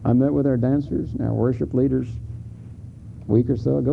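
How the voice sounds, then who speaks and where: A mid-range voice with lively intonation and vocal fry carries this middle-aged pastor's sermon at normal speed, broken by long pauses. In the church sanctuary he preaches candidly and conversationally, tripping over restarts and rising to emphatic peaks. The recording is lo-fi and phone-like, with a faint hiss.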